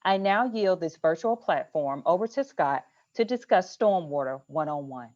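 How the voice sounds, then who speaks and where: A woman with a notably low voice reads a formal introduction of a guest speaker during an online webinar. Her delivery is measured and polished. The video-call sound is a little dull and muffled. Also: lively intonation, a little mellow. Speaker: environmental health specialist introducing the speaker.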